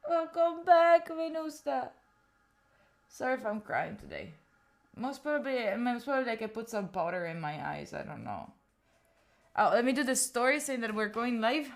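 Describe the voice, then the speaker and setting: A woman's voice: on the high side, big pitch swings, normal speed, gravelly. A woman, a live streamer chatting casually with her viewers and thinking aloud while she sets up. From Italy. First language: Italian. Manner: chatty, thinks aloud, talks straight to chat.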